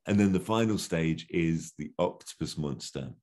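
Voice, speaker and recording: A man's voice: low voice, moderate pace, darkish tone. A man telling a story in a casual, rambling podcast chat, with many fillers. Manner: rambling, filler-heavy, chuckling.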